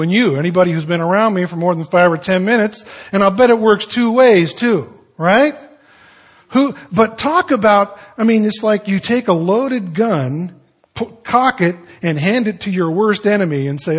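Guy preaching, husky kinda breathy voice, folksy and jokey. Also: high-pitched, expressive, moderate pace. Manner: folksy storytelling with joking asides. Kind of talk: sermon.

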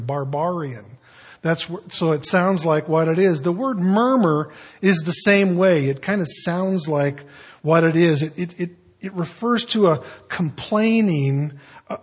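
A middle-aged male pastor with a husky, slightly breathy voice that sits a little high for a man. He preaches in a relaxed, conversational way, mixing stories with quiet, muttered asides. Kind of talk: sermon.

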